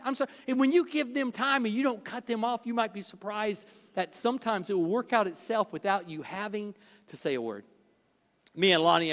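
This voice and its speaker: A man's voice: high-pitched, a bit bright. A middle-aged man, a pastor preaching a sermon, telling stories with self-deprecating humor and acting out dialogue. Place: church sanctuary. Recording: reverberant church hall.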